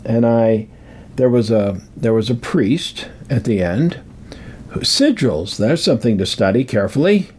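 A man's voice: medium pitch, lively intonation, a little slow, a little mellow, a little hiss or hum. An older man telling a rambling personal story, repeating words for emphasis. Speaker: speaker on metaphysics.

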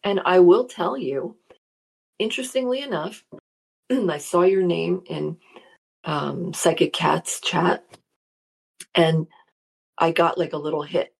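A woman with a gravelly, low voice and a husky edge hosts a live show. She chats casually, greets listeners by name and reads their comments aloud as a spiritual psychology practitioner. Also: slow, long pauses. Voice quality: gravelly morning voice.

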